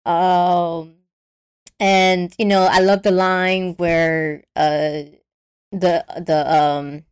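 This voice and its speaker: A woman's voice: fairly low pitch, flat delivery, very slow, smooth, no room sound, studio quality. A woman in casual chat, retelling a film plot with lots of energy, acting out the characters' lines and swearing freely.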